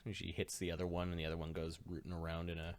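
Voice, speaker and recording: A man's voice: sits low, completely flat delivery, racing. Rambling male game master. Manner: rambling, filler-heavy narration. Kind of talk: narrating a tabletop game.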